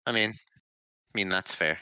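A man's voice: deep voice, unhurried, muffled recording, crowd noise. A man hosting a podcast in a laid-back, joking way, reading questions from the chat. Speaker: podcast host. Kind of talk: casual chat.

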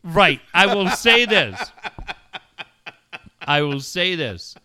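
Animated middle-aged man telling stories. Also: high-pitched, slow, clear, resonant tone, no room sound, studio quality. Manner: animated storyteller, acts out quotes, swears freely. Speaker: co-host. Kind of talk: casual chat.

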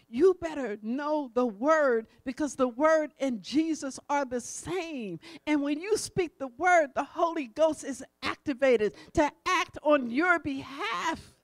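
Woman preacher, middle-aged, high voice, dry close mic, hushed to loud sermon delivery. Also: no echo.

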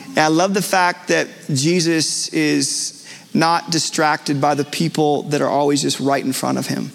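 A man's voice: a little high, steady tone, moderate pace, vocal fry, fairly bright tone. A male pastor preaching a live sermon in a church, earnest and conversational with frequent fillers and restarts. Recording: long church hall reverb.

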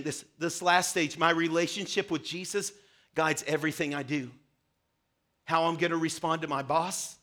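A male pastor preaching to his congregation in a high, bright voice. His delivery is passionate and pleading, and he often swells into fervent prayer. The tone stays forceful throughout. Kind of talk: sermon. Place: church service before a congregation.

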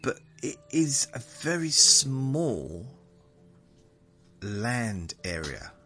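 Southern English male podcast host, bright tone, wanders and corrects himself as he talks, soft music behind. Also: medium pitch, very animated, extremely slow. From southern England. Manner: meandering, self-correcting. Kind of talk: rambling monologue for sleep.

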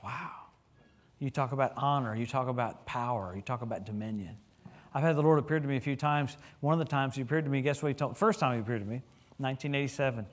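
A middle-aged man preaching a sermon in a church, telling stories with humor and swinging his voice up and down as he gets caught up. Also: fast. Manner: animated storytelling with humor, lively pitch swings. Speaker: guest preacher.

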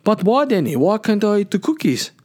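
A man's voice: high voice, very animated, fairly quick, a little mellow, pitched above the performer's own voice. A man putting on the voice of a frightened young child who pleads and whines. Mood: scared whiny. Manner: whiny, pleading.

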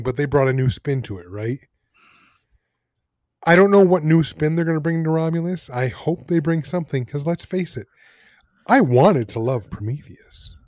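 A man's voice: mid-range voice, a little mellow, dry recording, studio quality. A man co-hosting a casual podcast, talking film news in a wry, teasing way. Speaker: podcast co-host. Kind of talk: casual chat.

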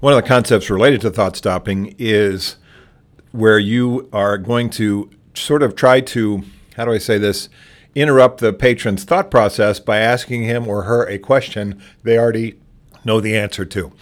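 Plainspoken low-voiced man giving training. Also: moderate pace. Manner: plainspoken, restarts often and acts out sample dialogue. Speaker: trainer on patron de-escalation. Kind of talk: conversational training talk.

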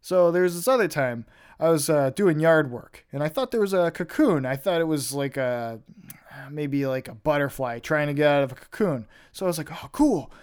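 Young guy rambling thru stories on his podcast, kinda high smooth voice, swears a lot. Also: animated, normal speed. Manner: rambling, offhand, swears casually. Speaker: podcast host. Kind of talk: casual storytelling monologue.

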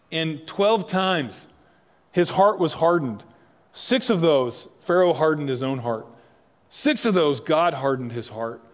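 Man preaching in a reverberant hall. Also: on the high side. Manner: swings from loud emphatic preaching to soft, hushed appeals; asks the listeners direct questions. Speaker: pastor. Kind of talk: sermon. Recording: long reverb of a large hall.

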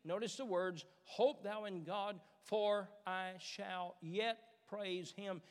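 A man's voice: high-pitched, slow, hardly any pauses. A middle-aged man preaching a sermon as pastor, repeating his phrases and rising to fervent emphasis. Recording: church sanctuary with long reverb.

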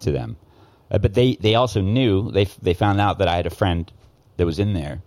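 A man's voice: sits low, a little fast, a little mellow, no room sound. A man telling a story in casual podcast talk, heated and profane, often restarting his sentences. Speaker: guest, former news cameraman.

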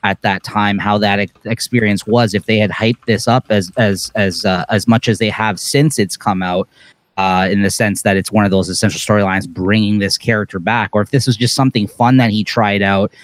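Male co-host, low voice, dry close mic, meandering delivery. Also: steady tone, normal speed, dry recording. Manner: rambling, lots of fillers, circles back. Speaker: podcast co-host. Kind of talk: casual chat.

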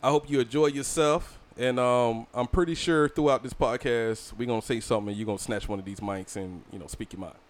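A man's voice: mid-range voice, fairly even intonation, brisk, hardly any pauses. A man hosting a casual podcast, chatting with friends, laughing often and mimicking people. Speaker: podcast host. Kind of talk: casual chat.

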